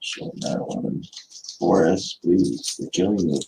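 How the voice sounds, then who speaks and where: A man's voice: low-pitched, takes it slowly, vocal fry, noisy background. A man hosting a casual coin giveaway live stream, joking, swearing a lot and breaking into mock-angry outbursts. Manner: profane, joking, bursts of mock anger. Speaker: coin channel host.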